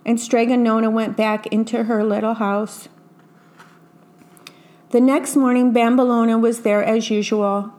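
A woman reading a picture book aloud, pausing to describe the pictures casually. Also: fairly high pitch, level tone, a little mellow. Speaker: storyteller.

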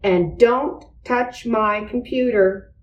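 A woman's voice: a little high, slow, highs cut off. A woman voicing a busy, firm but kind mother in a storybook reading.

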